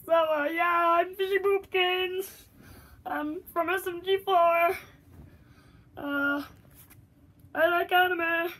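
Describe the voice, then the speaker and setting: Kid doing a squeaky hyper anime-loving guy, way higher than normal. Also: fairly even intonation, takes it slowly, pauses often, sharp tone, exaggerated voice. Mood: cheery. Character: upbeat young male internet character who likes anime.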